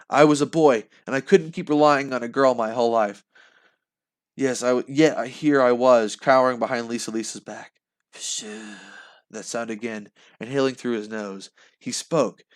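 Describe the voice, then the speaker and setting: A man reading a novel aloud live for the first time, expressive, with slips and restarts. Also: medium pitch, normal speed. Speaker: channel host reading aloud.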